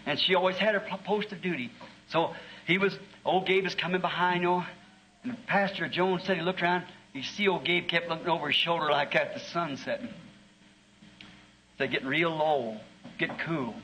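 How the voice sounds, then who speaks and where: A man's voice: a little high, moderate pace, pushed and bright, slight background noise, rough recording. A middle-aged man preaching a sermon in a fervent, folksy way, telling a story and often repeating his words.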